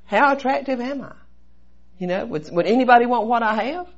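Woman, earnest testimony speaker, gravelly fry, dull lo-fi recording. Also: fairly high pitch, animated, brisk. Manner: earnest, storytelling with repetition. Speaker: recovery meeting speaker. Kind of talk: personal testimony share.

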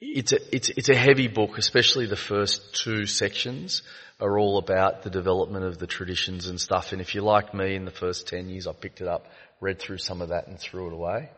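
Deep-voiced man sharing in an echoing hall. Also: flat delivery, fairly bright tone. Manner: reflective, storytelling with halting fillers. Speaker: recovery meeting speaker. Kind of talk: personal share at a recovery meeting. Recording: long echo of a meeting hall.

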